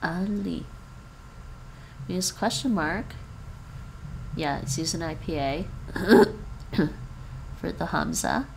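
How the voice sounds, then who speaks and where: A woman's voice: low voice, expressive, slow pace, creaky, long pauses, a little hiss or hum. A woman chatting casually on a language-learning livestream, sniffly from the cold, repeating words after an app and laughing often. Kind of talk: casual livestream chat while practicing pronunciation.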